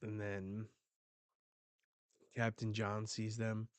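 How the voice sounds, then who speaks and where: A man hosts a casual live reaction, reading each panel aloud and adding quick remarks. His voice sits a bit low and moves at an unhurried pace. The sound is dry and close. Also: monotone, no echo. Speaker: manga reaction host.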